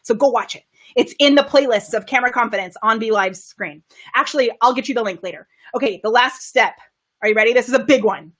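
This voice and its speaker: Bubbly, excitable woman coach. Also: fast talker. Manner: high-energy, giggly and excitable. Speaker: camera confidence coach. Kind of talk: live-streamed coaching talk. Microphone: microphone kept far from her.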